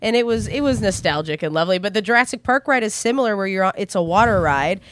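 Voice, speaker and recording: A woman's voice: mid-range voice, animated, fast. A woman co-hosting a podcast, telling stories in a bubbly, giggly way. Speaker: podcast co-host. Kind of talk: casual chat.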